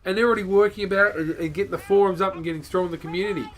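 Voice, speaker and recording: Gaming YouTuber, man, brisk and bright, rambling blunt commentary. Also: high voice, steady tone, slight background noise. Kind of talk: casual gameplay commentary.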